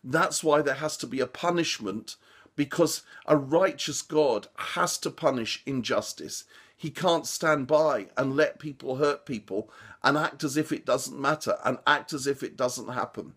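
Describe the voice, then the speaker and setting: A man's voice: medium pitch, a little slow, fairly bright tone, slightly rough. A man and preacher giving a short devotional commentary on a Bible passage, earnest and informal, with restarts and fillers.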